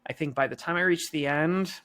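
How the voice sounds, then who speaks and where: A man's voice: a little high, fairly quick, pushed and bright. Chatty man co-hosting a podcast. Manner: chatty, hedging, joking. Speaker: podcast co-host. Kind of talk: casual chat.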